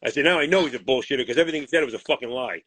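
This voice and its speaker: A man's voice: medium pitch, racing, breathy edge, no echo. A man, a boxing manager, bluntly retelling a deal gone wrong with lots of swearing and quoted back-and-forth. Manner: profane, blunt, animated retelling with quoted voices. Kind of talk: heated storytelling interview.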